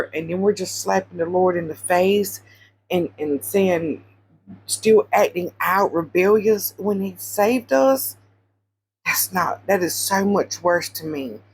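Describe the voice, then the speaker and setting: A woman casually retelling Bible stories, animated, repeating phrases for emphasis and quizzing her listeners. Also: lowish voice, slight background noise. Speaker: Christian social media storyteller.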